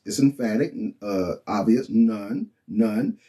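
A man preaches in a loose, colloquial teaching style and keeps turning to his listeners with quick check-ins. His pitch leaps and dips with real animation, while the tone itself stays dark and mellow. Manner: animated and colloquial, with frequent "you know what I'm saying" and "okay?". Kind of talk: informal preaching and Bible teaching.

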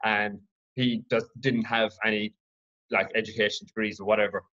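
A man from Ireland hosting his own podcast, telling a personal story in an earnest, reflective, halting way. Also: fairly low pitch, level tone, sharp tone, lo-fi sound. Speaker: podcast host.

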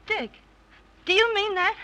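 A woman's voice: extremely high pitch, fairly even intonation, a little slow, pushed and bright, heavily acted, poor audio. An actress playing a headstrong, spoiled young woman from a rich family who talks in a coaxing, playful way in an early 1930s film. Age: young adult.

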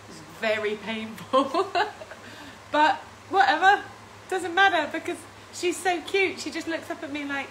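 A high-voiced woman hosts a relaxed cooking stream from her home kitchen. She chats in a rambling way, laughs often and reads out viewer comments as she cooks. A faint ambient noise sits under her voice. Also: a little slow, poor audio. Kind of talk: casual live-stream chat while cooking.

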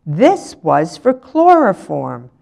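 Woman reading a brisk cheerful schoolteacher. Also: fairly low pitch, huge pitch swings, creaky, mellow, full character voice. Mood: explaining.

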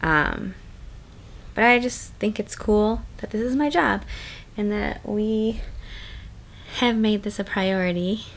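A pregnant young woman vlogging in casual chat, chatty and full of fillers, often quiet and hushed. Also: medium pitch, takes it slowly, creaky, long pauses. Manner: chatty, many likes and ums, hushed late at night.

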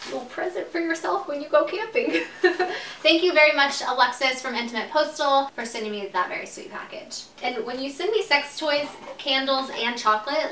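A woman's voice: sits high, pushed and bright, far from the mic. A young woman chatting casually through an unboxing vlog at home, gushing and giggly. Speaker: vlogger. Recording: roomy, off-mic, faint hiss.

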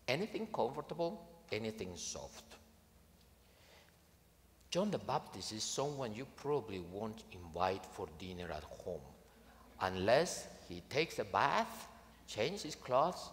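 Animated male priest preaching in a hall. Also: on the low side, slight background noise. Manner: animated and emphatic, with dry humor. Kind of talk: sermon. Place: large conference venue.

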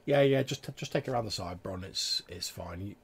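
A man's voice: sits low, lively intonation, brisk, gravelly, husky, exaggerated voice. A man voicing an easygoing male village gate guard who chats in a casual, friendly way.

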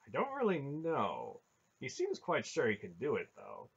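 A man voicing a calm, knowing old man who speaks matter-of-factly, on a dull lo-fi recording. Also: mid-range voice, measured pace, vocal fry, husky, pitched above the performer's own voice, heavily acted.

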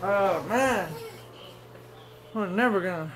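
A man's voice: high voice, takes it slowly, a bit bright, a little hiss or hum. A man filming his baby son at home in a bedroom, teasing and coaxing him in a playful, joking way. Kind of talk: playful home video talk to a toddler.

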